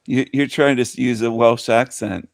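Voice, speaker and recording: A man's voice: mid-range voice, creaky, dry recording, clean studio sound. A man hosting a casual chat show, asking blunt, provocative questions. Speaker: podcast host.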